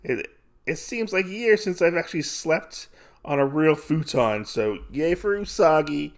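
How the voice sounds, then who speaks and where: A man's voice: fairly high pitch, lively intonation, measured pace, voice pushed up. A man voicing a weary wandering rabbit samurai who is glad to reach a village. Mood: relieved. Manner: relieved, musing.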